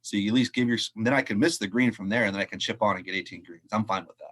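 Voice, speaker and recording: A man, a head golf professional, telling a story casually in an interview, animated and acting out quotes, laughing often. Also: on the low side, very fast.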